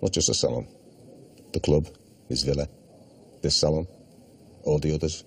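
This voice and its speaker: An actor playing a glum, sincere man with a slow, flat delivery. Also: rumbling low, husky, heavily acted. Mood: solemn.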